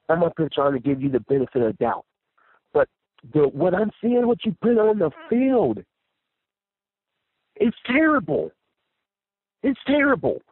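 A man's voice: mid-range voice, slightly rough, no echo. A man calling into a radio show, sick and ranting angrily, repeating himself. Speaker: caller. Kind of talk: phone-in rant. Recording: tinny phone line.

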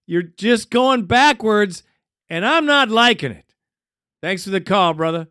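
Man, sports call-in host, laid-back, chummy, high voice, smooth. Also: animated, unhurried, pushed and bright, no echo, clean studio sound. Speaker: radio show host. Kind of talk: casual fan call-in show.

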